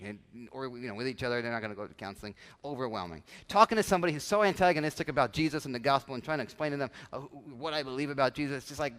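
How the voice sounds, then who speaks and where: A man's voice: medium pitch, sharp tone. A man, a pastor, preaching a conversational sermon with frequent restarts and acted-out asides. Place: church sanctuary. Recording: church hall with long reverb.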